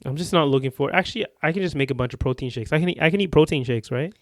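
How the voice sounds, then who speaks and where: A man's voice: fairly high pitch, racing, dry recording, clean studio sound. A young man co-hosting a podcast in casual chat, arguing his points with restarts and hedges. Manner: argumentative, talks in restarts and hedges. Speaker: podcast co-host.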